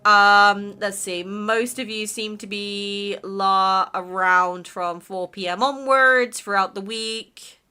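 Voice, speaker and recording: A woman casually chatting as a YouTube creator, excitable and full of exclamations as she goes over her channel. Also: mid-range voice, slow, few pauses, smooth. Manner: excitable, exclaiming, laughs between remarks. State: emotional, near tears. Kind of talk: casual vlog chat reviewing channel stats.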